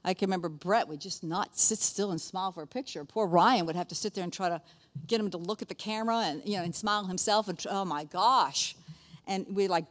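A woman's voice: mid-range voice, expressive, a little fast. A middle-aged woman teaching a conversational Bible lesson in a chatty way, often checking in with her listeners.

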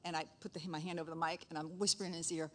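A middle-aged woman, a nurse, shares a faith testimony in a lively way. She laughs often and acts out the dialogue. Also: sits low, rapid-fire. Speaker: speaker sharing testimony. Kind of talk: casual testimony storytelling.

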